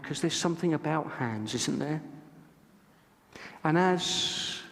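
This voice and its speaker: A middle-aged male pastor preaches with a fairly high voice, spinning funny stories and playing out each side of the dialogue. His words ring out with a long reverb through a church sanctuary. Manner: humorous storytelling, acting out dialogue. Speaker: lead minister. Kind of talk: sermon.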